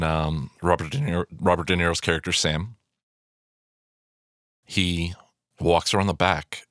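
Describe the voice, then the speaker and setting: A film commentator with a deep, low voice rambles loosely through a movie breakdown, swearing freely and stumbling over fillers and restarts. His tone is fairly bright. The recording is dry and close with no room sound.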